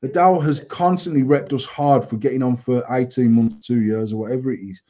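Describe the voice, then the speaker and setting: A man's voice: mid-range voice, brisk. A man, host of a casual banter show, telling blunt, sweary stories. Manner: sweary storytelling, lively and blunt. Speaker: host and vape company owner. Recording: dull lo-fi live stream audio.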